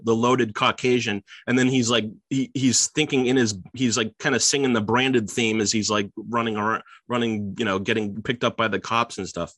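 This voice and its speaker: A man's voice: mid-range voice, fairly bright tone, dry recording. A man co-hosting a casual chat, rambling with many fillers and restarts. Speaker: podcast co-host.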